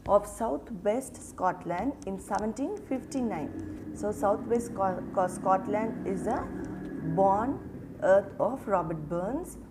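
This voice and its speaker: A woman teaching a literature lesson, asking questions and answering them herself, often repeating words and restarting phrases. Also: medium pitch. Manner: slow, repeats names and restarts phrases while explaining.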